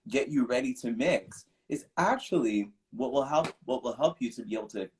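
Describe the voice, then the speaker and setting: A man's voice: mid-range voice, lively intonation, moderate pace, darkish tone, recorded from a distance, a little hiss or hum. A man voice teacher in a casual panel talk, explaining his technique thoughtfully.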